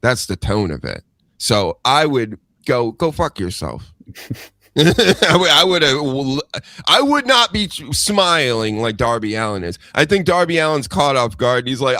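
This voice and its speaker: A man on a podcast rants with lively swings in pitch and a bright, forceful edge to his voice. He swears freely and sounds dry and close to the mic. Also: moderate pace, dry recording. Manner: profane, animated ranting. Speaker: podcast host. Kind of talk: casual podcast chat.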